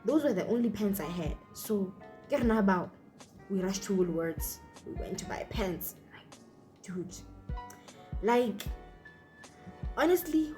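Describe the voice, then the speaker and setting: A woman's voice: medium pitch, dark tone. A young woman from Botswana with a Botswana accent, telling a personal story on her vlog in a chatty way full of fillers. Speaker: YouTuber.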